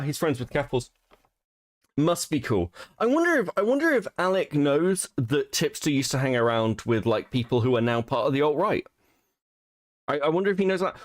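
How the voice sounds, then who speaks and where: A man co-hosts a stream in a mocking, sweary tone and breaks into laughter often. His voice rides high and swings widely in pitch. He sounds close and dry. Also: no echo. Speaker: stream co-host. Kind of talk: reaction stream commentary.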